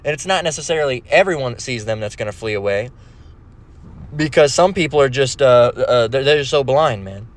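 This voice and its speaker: A man's voice: mid-range voice, expressive, brisk. A man in an aggressive, scornful religious rant, full of cursing and mockery. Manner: aggressive, scornful, mocks others in put-on voices. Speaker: religious video preacher.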